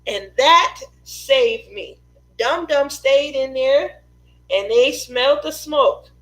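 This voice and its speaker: A woman's voice: high-pitched, animated, slow, a bit bright, rough recording. A woman who hosts a craft live stream, telling family stories in a chatty way and laughing often. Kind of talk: casual storytelling chat.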